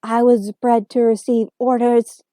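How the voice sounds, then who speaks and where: A raspy, metallic alien war machine, put on by a woman reading a story aloud. It barks its words slowly and flatly, with a mellow, dry close sound. A cold, commanding storybook monster. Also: a little high, dry recording, close to an everyday voice. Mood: menacing. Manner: slow, flat, commanding.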